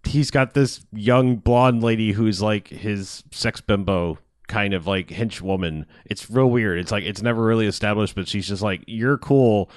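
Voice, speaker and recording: A man with a fairly low voice chats casually through a movie's plot, acting out snippets of the characters in quick put-on voices. The sound is dry and close, with no room around him. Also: dry recording. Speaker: podcast co-host. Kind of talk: casual movie review chat.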